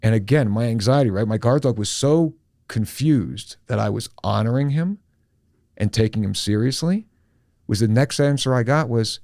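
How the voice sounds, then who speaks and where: A middle-aged man hosting a podcast, telling a personal story candidly and with animation, sometimes slowing down and sometimes rushing. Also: mid-range voice, dry recording, studio quality. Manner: animated, candid, swings between slow and rushed. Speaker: podcast host.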